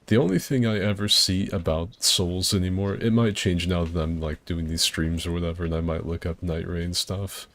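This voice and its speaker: Deep-voiced man chatting while gaming. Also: fairly even intonation, moderate pace, hardly any pauses, fairly bright tone. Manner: laid-back, rambling, swears freely, laughs often. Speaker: streamer playing co-op with friends. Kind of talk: casual gaming chat.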